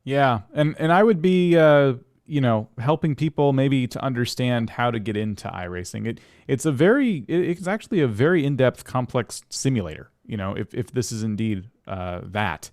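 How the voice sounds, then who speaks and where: A man's voice: mid-range voice, expressive, moderate pace, few pauses, a little mellow, no room sound, studio quality. A man co-hosting a casual livestream over a video call, joking dryly and a bit hesitant. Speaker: livestream co-host.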